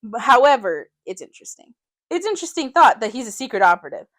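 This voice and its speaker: A woman with a fairly high voice that moves lively up and down co-hosts a casual podcast. She teases the others and giggles often. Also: fast. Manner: animated, giggly, teasing. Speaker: podcast co-host. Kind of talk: casual chat.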